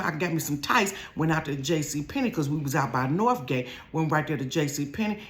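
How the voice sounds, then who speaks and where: A deep-voiced storytelling vlogger from Ohio recounts a storytime in her bedroom. She talks to viewers directly and casually, calling them "y'all" and "honey," going from hushed asides to loud, laughing outbursts.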